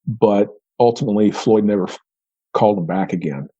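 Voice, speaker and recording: A man's voice: fairly low pitch, brisk, mellow, slightly rough, lo-fi sound. A man, an investigator, recounting an interrogation and acting out his own questions as quoted dialogue.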